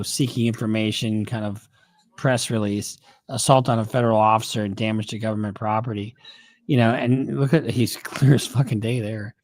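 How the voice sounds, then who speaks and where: A man's voice: mid-range voice, a little mellow, dry recording, clean studio sound. A man talking as a criminal lawyer guest in a casual opinion chat, discursive and rambling with many fillers.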